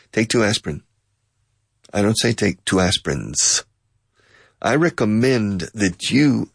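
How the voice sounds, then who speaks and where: A man with a very low, gravelly and husky voice gives a playful, casual English lesson. His pitch swings widely as he repeats phrases slowly and drops into Spanish to explain them. The sound is dry and close. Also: no room sound. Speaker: English teacher.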